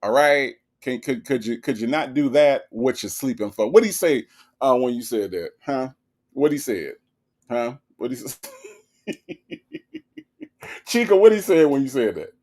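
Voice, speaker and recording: Man stream host, emphatic reactive commentary, mid-range pitch, keeps checking in with the chat. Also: animated, unhurried, pauses often, a little mellow. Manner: emphatic, keeps asking "right?".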